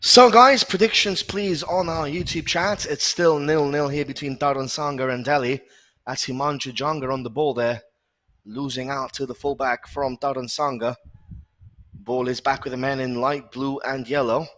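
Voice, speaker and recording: Male football commentator, mid-pitched, brisk play-by-play with filler pauses, live stream. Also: little pitch movement.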